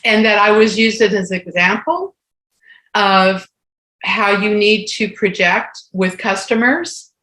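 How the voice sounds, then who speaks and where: Speaking slowly in a mid-range voice, a co-host in her sixties shares a personal story during a casual talk. She's an animated storyteller who performs the dialogue, and the room echoes noticeably.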